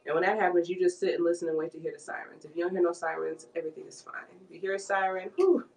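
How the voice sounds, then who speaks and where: A woman's voice: lowish voice, rapid-fire, gravelly, darkish tone. A young woman from Ohio telling a story in casual chat, laughing often and putting on voices for quotes. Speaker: tarot reader.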